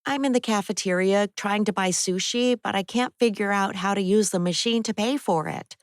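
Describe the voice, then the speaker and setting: A woman voicing a harried female friend on the phone who talks quickly and urgently, in an audiobook. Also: medium pitch, no room sound, studio quality, pitched above the performer's own voice, lightly acted. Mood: flustered.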